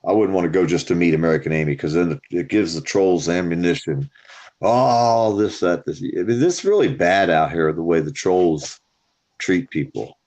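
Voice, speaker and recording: A man hosting a live stream, telling stories in a profane, animated way. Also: low-pitched, moderate pace. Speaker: stream host. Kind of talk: casual storytelling chat. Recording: dull lo-fi stream audio.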